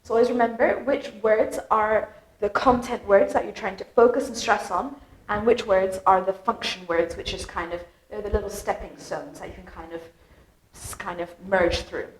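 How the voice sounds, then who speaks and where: A woman's voice: medium pitch, steady tone, normal speed, echoey room, rough recording. A British woman teaching English pronunciation, speaking melodically and stressing key words with exaggerated emphasis. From Britain. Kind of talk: lively explanatory lesson.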